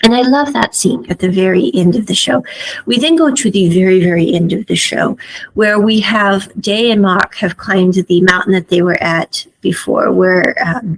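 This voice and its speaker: A woman's voice: mid-range voice, rough recording. A woman giving a casual, chatty spoken review of a drama series, retelling scenes with frequent asides.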